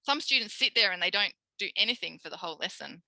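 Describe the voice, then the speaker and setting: Australian woman, speech pathology lecturer, very bright voice, dry close sound, animated delivery. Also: mid-range voice, fast talker, creaky, no echo, rough recording. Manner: animated, acts out quoted voices. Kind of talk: recorded tutorial lecture.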